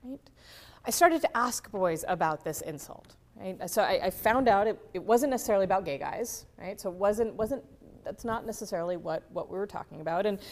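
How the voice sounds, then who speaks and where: With a brisk pace, a mid-range voice of darkish tone, and lively intonation, a woman presents at an academic conference. She frequently restarts and repeats words within sentences and checks in with her audience through tag questions.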